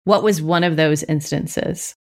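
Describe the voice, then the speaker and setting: A woman's voice: low voice, unhurried, darkish tone. A woman co-hosting a podcast, asking questions in a chatty, teasing way. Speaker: podcast co-host. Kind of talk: casual podcast chat.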